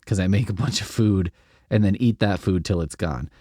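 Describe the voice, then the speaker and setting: A man's voice: deep voice, moderate pace, dark tone, dry recording, studio quality. A man hosting a comedy podcast, reading a script aloud and riffing with rambling, wry asides that trail off. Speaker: podcast host.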